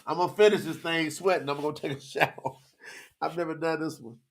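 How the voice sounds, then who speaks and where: A man teaching scripture live, his voice a touch high and rough with gravel. He is teary and sweating yet keeps rallying his viewers, swinging between hushed prayer and loud calls to the chat. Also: a little fast. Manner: emotional, preachy, talks to chat. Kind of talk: live-streamed Bible teaching.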